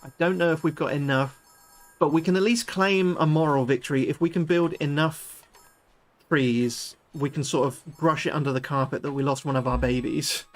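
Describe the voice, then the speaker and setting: A British man livestreaming a game, chatting excitably with his viewers and swearing freely. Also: on the high side, normal speed. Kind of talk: live gameplay commentary chatting with viewers.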